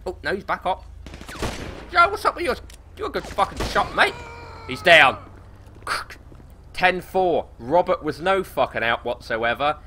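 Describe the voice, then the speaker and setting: Excitable sweary British gamer. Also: male voice, sits high, a little slow, long pauses, slight background noise. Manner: excitable, swears constantly, laughs often. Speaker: gameplay commentator. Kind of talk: casual let's play commentary.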